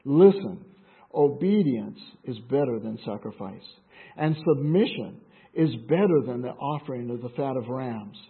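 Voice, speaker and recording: A man reading the part of a stern old prophet who scolds a king, with a husky voice over a tinny line. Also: mid-range voice, animated, unhurried, pitched below the performer's own voice. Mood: rebuking. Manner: scolding, repeats commands. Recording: tinny phone-like sound.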